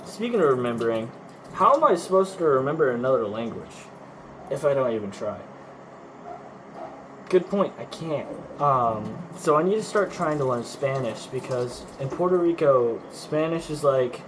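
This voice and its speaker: A young Texan man with a Texan accent and a lively, medium-pitched voice rambles through a casual vlog while doing chores at home. He talks slowly and his chat is jokey, scattered and full of self-interruptions, with background noise audible.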